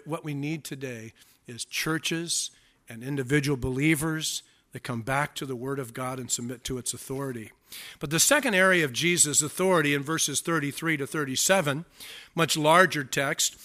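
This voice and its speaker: A man's voice: on the high side, normal speed, bright, forceful tone. A male pastor preaching a sermon, reading scripture aloud and adding joking asides.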